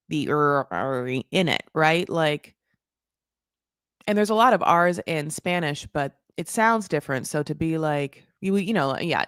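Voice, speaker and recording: A woman in her thirties hosting a casual recap, chatty and swearing, with lots of "like" and sudden jumps in pitch for emphasis. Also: no echo, clean studio sound. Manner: lively, jumps high for emphasis. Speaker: recap podcast host. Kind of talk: casual chat.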